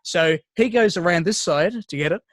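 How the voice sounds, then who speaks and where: With no room sound at all, a high-pitched man speaks at a moderate pace as a podcast co-host. He tells rambling stories in casual chat, swearing heavily and restarting often.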